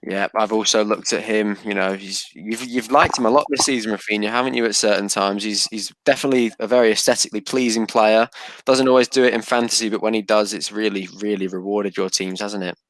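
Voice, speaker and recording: A man with a fairly low voice hosts a relaxed panel discussion. He steers the talk by putting tag questions to his guests. He is recorded dry and close, with no room sound. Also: fast talker, dry recording, low-quality recording. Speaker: host. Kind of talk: casual panel chat.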